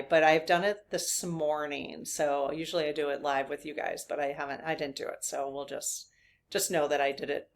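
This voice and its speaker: Chatty woman in her fifties, low-pitched. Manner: chatty, laughing, rambling with asides. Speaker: spiritual reader and channeler. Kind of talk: casual chat to viewers.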